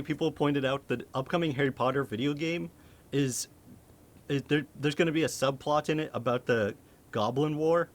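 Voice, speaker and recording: A young man streaming a game, talking casually, laughing and swearing often. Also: medium pitch. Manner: animated, swears, laughs a lot. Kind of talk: casual gameplay commentary.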